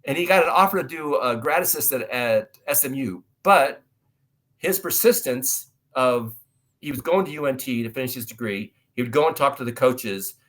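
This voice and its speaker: A middle-aged man from the United States, an actor guest telling stories in an interview and acting out dialogue loudly. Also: mid-range voice, moderate pace. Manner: animated storyteller, acts out dialogue loudly. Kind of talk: storytelling interview talk.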